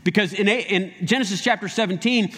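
A man's voice: high voice, a little fast, a bit bright. A man preaching a sermon as a pastor, telling the story animatedly and acting out voices in the quotes. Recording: long hall reverb.

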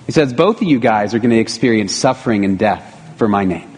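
A man's voice: on the low side, animated, fairly quick, darkish tone, husky. Man preaching in a reverberant hall. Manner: conversational preaching with rhetorical asides. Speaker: pastor. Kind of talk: sermon. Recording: long reverb of a church hall.

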